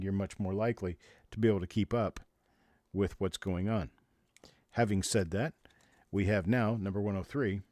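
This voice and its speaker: A man's voice: on the low side, mellow, no room sound, studio quality. A man hosting a live online coin auction, rattling off repeated bid calls and explaining coin details in between. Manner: rapid repetitive auction calling of bids. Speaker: auctioneer host.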